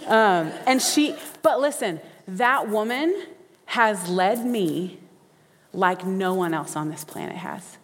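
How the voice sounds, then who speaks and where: A woman delivers a sermon in a folksy, animated way, slipping into voices for the people in her stories. Her mid-pitched voice carries a long reverb, like a big church hall. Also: slow. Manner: animated, folksy, acts out quotes. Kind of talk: sermon with storytelling.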